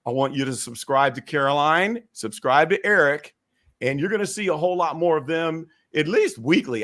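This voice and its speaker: A raspy-voiced man hosts a live political chat stream from home. He talks to his viewers in a folksy, upbeat way, his voice sitting a little high. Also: fairly bright tone. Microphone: webcam and computer mic.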